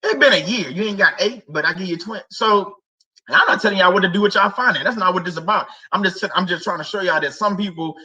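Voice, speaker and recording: A man with a high, very bright voice talks casually to his livestream audience. He jokes, laughs often and repeats himself in loose slang. The mic sits at some distance from him. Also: expressive, fast talker, highs cut off. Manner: laughing, joking, slangy and repetitive. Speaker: host of a faith livestream. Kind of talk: casual livestream chat to viewers.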